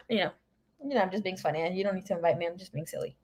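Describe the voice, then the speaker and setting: A woman's voice: lowish voice, fast, long pauses, a little mellow. A woman giving a casual live tarot reading, chatting and telling stories to viewers she calls by name. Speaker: tarot reader.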